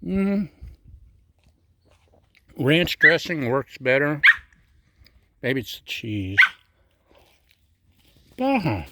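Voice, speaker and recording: A man's voice: mid-range voice, expressive, slow, pauses often, bright, forceful tone, slight background noise. A man casually demonstrating his cooking on a griddle, chatty and self-deprecating, tasting as he talks. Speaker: cooking vlogger.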